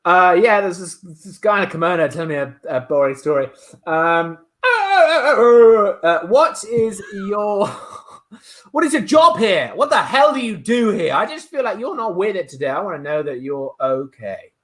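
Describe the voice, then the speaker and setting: A man's voice: high-pitched, sing-song, moderate pace, a bit bright. A man improvising comedy, quizzing and prodding his scene partner with frequent laughter.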